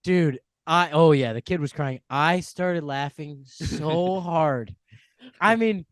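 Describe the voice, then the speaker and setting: A man's voice: on the high side, takes it slowly, no room sound, studio quality. A young man co-hosting a comedy podcast, rambling through stories and laughing often. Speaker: podcast co-host. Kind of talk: casual comedic chat.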